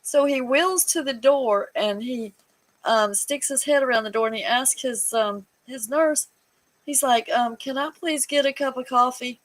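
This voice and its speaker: Woman chatting, tells a story and acts out the voices, higher voice. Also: a little slow, low-quality recording. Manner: animated storyteller, acts out quoted voices, laughs often. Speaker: guest sharing a hospital story. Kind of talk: casual chat.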